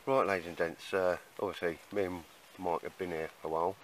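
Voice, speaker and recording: Male bushcraft vlogger, low-pitched, casual and jokey, outdoors in the woods. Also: fairly even intonation, brisk, slight background noise, low-quality recording. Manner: chatty, laughs often, calls everyone mate. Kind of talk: casual outdoor chat to camera. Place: outdoor woodland camp in rain.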